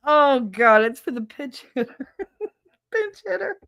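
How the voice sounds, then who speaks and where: A woman's voice: high voice, very animated, takes it slowly, vocal fry, a bit bright, no room sound, highs cut off. A woman streamer chatting casually with her viewers, candid and crude, often breaking into giggles. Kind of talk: casual live-stream chat.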